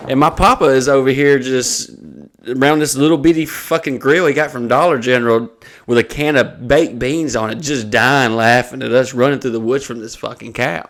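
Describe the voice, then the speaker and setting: A man's voice: medium pitch, a bit bright. Profane laughing storyteller man. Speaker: podcast co-host. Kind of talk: casual storytelling chat.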